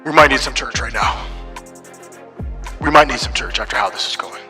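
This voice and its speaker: A man's voice: mid-range voice, normal speed, pushed and bright, faint music behind. A man streaming live play-by-play commentary, mixing broadcaster-style calls with casual asides to his chat.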